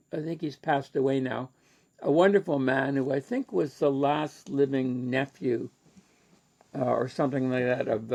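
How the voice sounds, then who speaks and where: A man's voice: mid-range voice, vocal fry, darkish tone. A man with a Canadian accent telling a rambling personal story in a casual lecture, with many fillers and restarts.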